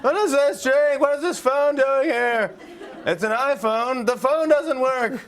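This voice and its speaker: A man voicing a shrill middle-aged man who yells and gripes about everything, slow and exaggerated. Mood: shouting.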